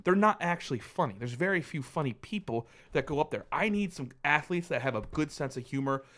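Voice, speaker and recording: A man's voice: on the high side, brisk. A man hosting a podcast in casual chat, swearing freely and laughing often. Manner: profane, animated, laughs often. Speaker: podcast host.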